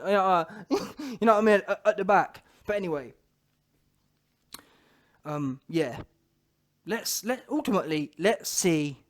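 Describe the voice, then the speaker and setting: A man, ranting casually to camera about boxing, slangy and animated, often laughing. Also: high-pitched. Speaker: boxing commentator.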